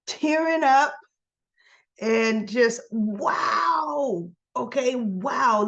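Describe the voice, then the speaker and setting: A woman casually recapping a soap opera episode for her vlog, excitable and gushing, and she acts out the characters' lines. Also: on the high side, dull audio.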